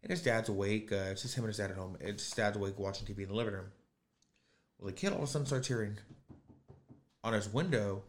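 A man hosting a podcast with a low voice, telling a long story in loose, rambling chat. He swears freely and leans on fillers and restarts. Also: fast, long pauses. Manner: rambling, crude, lots of fillers. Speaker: podcast host.

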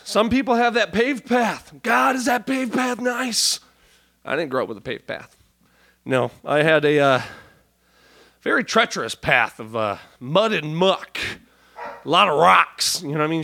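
Man, comedy podcast host, bright tense voice, profane rambling banter, studio mic. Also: sits high. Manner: animated, profane, rambling with restarts. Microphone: studio mic with headphones.

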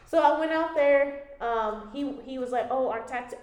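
A woman's voice: sits high, normal speed, hardly any pauses, a little mellow. A young woman co-hosting a podcast, casually telling a story and swearing freely. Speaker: podcast co-host. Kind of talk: casual chat. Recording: echoey room.

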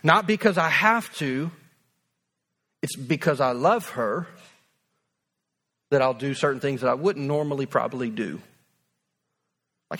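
A man's voice: mid-range voice, measured pace, long pauses, fairly bright tone. A man in his thirties preaching a sermon as pastor, earnest and conversational, repeating phrases for emphasis.

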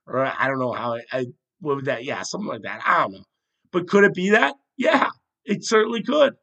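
Bright-voiced rambling sports podcast host. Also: male voice, mid-range voice, very animated, a little fast, gravelly. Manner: rambling, self-deprecating, thinks out loud. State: slightly congested with a cold. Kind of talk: casual solo sports podcast.

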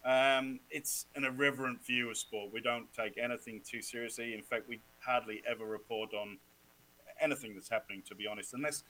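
A man from Wales, a guest on a sports podcast, telling lively stories, swearing freely and laughing often. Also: mid-range voice, a little fast, a little hiss or hum, low-quality recording. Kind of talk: casual chat.

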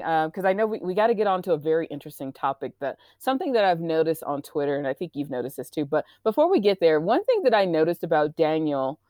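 A woman co-hosting a casual chat show, animated and teasing in an incredulous way. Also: low-pitched, no echo, clean studio sound. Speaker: co-host.

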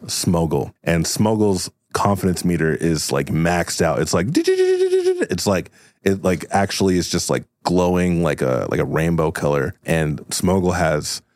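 A man's voice: low voice, big pitch swings, unhurried, a little mellow, no echo, clean studio sound. A man hosting and narrating an improvised game in a casual, filler-heavy way. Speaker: host and game master.

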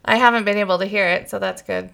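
A woman's voice: medium pitch, fairly even intonation, fast, vocal fry, a bit bright. A woman hosting a podcast in casual chat, frank and a bit crude, laughing often. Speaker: podcast host and mother.

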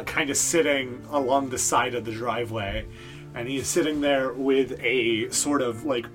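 A man's voice: medium pitch, a bit bright. A man narrating a tabletop game as game master, in a loose, rambling way full of fillers.

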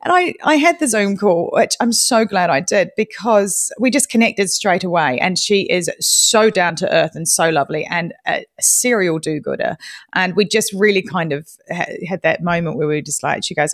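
A woman's voice: on the low side, animated, moderate pace. A woman guest on a podcast, chatting casually and acting out her own past reactions as she tells stories, laughing often.

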